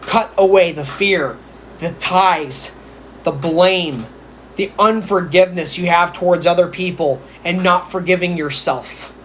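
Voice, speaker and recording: A man's voice: high-pitched, measured pace, fairly bright tone, slight background noise. A psychic man giving casual spiritual advice on a live stream, chatty and rambling, with playful asides. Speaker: psychic medium.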